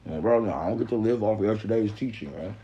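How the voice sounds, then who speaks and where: A man from the Mississippi Delta, giving a profane, animated live-stream lecture to his viewers. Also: lowish voice, fast, muffled recording. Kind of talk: casual live-stream monologue.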